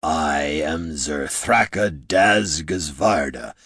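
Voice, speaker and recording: A man voicing a huge, pompous male orc chieftain who speaks slowly in a low rumble. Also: a bit bright, breathy edge, dry recording, studio quality, full character voice.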